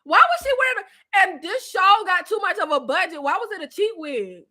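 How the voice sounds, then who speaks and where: A woman hosting a casual live-stream recap chat, animated and slangy, laughing often, with a stuffy nose and scratchy throat. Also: extremely high pitch, fairly quick.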